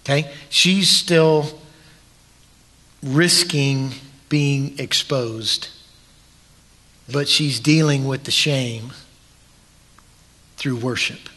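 A man pastor preaching a sermon in a church sanctuary, deliberate and emphatic, leaning on long pauses. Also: mid-range voice, fairly even intonation, pushed and bright. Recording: long church hall reverb.

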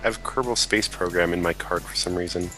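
A man's voice: low voice, a little fast, sharp tone, soft background music, rough recording. A laid-back man chatting on a game stream, chuckling and throwing out suggestions to the player. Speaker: co-host watching the stream. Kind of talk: casual let's play chat.

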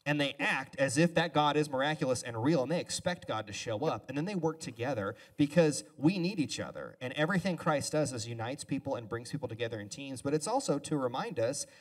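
A male pastor giving a relaxed sermon as a two-person conversation, casual and chatty with joking asides. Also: mid-range voice, a little fast, few pauses. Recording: voice a bit far from the mic.

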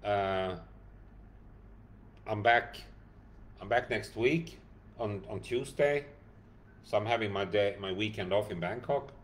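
A man's voice: on the low side, slow, pauses often, a little hiss or hum. Tired man answering a livestream chat. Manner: reads viewer comments aloud and thanks them by name. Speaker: dog rescue founder answering live chat. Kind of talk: casual livestream Q&A.

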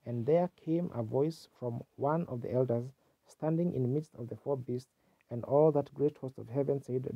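A man delivers a fervent sermon, his voice gravelly and a little husky. The sound is dull and lo-fi, like an old archival tape, and close and dry with no room around it. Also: medium pitch, normal speed, no echo. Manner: fervent preaching with exclamations. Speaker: preacher.

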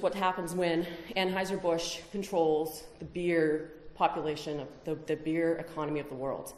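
A woman's voice: low voice, steady tone, moderate pace, few pauses, darkish tone, roomy sound. A woman giving a conference talk, emphatic, with rhetorical questions. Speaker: conference speaker. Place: conference hall.

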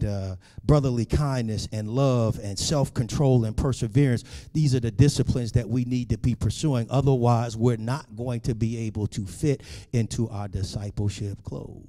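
Preaching man swinging soft to loud. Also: mid-range voice. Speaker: pastor. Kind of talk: sermon.

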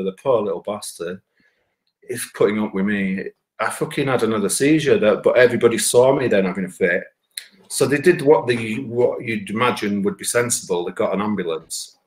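A man telling a rambling, sweary personal anecdote, jumping up loud when he quotes himself. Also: medium pitch. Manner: sweary, animated, rises to shouts when quoting himself. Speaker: storyteller. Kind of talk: casual anecdote.

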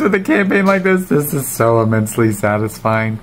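A man hosting a comic improv bit, gushing in mock awe over a spinning die, sliding between low murmurs, high squeals and hushed whispers. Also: moderate pace, hardly any pauses, slight background noise. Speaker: family channel host.

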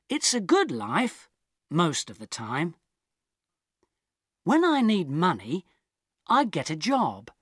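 Woman, first-person audiobook narration, slow, lively pitch. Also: no echo, studio quality. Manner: slow, plain, even reading for learners.

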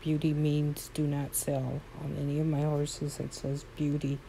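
A woman with a low, gravelly voice speaks slowly and warmly as she plays a horse game at home. She gushes over her horses and keeps exclaiming. Her tone is soft and mellow. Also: completely flat delivery, slight background noise, rough recording. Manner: gushing, talks to her horses fondly; frequent exclamations. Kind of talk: casual gameplay commentary.

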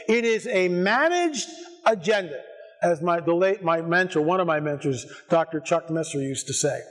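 An American man giving a lively church conference talk, full of sarcastic asides and bursts that climb to near-shouts. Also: high voice, moderate pace. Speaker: conference speaker. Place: church sanctuary before an audience.

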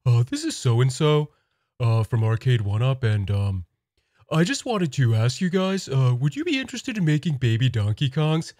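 A man voicing a dim, meek salesman who talks in halting, goofy bursts. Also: mid-range voice, wildly swooping pitch, dark tone, dry recording, clean studio sound. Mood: dopey. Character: dopey, meek male sales rep, slow and goofy.

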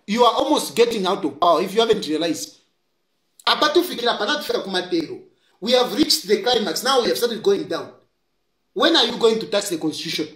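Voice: mid-range voice, big pitch swings, fairly quick, a bit bright. A political commentator with a Zambian accent, delivering impassioned, scolding commentary and repeating key lines for emphasis. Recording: roomy echo.

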